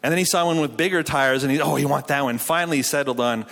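A man's voice: on the high side, quick pace, vocal fry, heavy background noise. Guy in his 30s from canada preaching, chatty and self-deprecating, lots of restarts, big echoey hall. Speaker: pastor. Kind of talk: sermon. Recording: hall reverb from a live venue.

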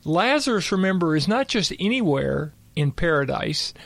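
A man discussing a Bible passage in a measured, explanatory way. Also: on the high side, sing-song, creaky, no room sound. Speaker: Bible teacher.

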